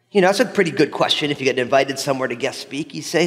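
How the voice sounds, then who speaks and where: A pastor from New Jersey preaching a sermon in a chatty, storytelling way with playful self-mockery. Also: male voice, on the high side, lively intonation, very fast, hardly any pauses, big-room sound.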